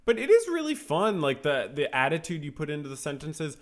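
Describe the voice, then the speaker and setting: A man's voice: on the high side, wildly swooping pitch, a little fast. A man hosting his own podcast, talking casually in a rambling, self-correcting way with many fillers. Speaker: podcast host. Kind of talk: casual solo podcast talk.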